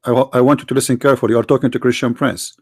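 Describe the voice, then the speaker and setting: A man's voice: medium pitch, little pitch movement, rapid-fire, no echo, studio quality. A man with an Arabic accent hosting a live call-in debate stream, asking insistent, challenging questions. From Middle East. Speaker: debate livestream host.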